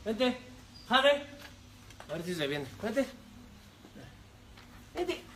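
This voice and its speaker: A woman with a Mexican Spanish accent coos at her cat in slow, sing-song baby talk. Her voice sits fairly high and sounds bright and sharp. She drifts from sweet talk into playful scolding now and then. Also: animated, far from the mic, slight background noise. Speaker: pet owner.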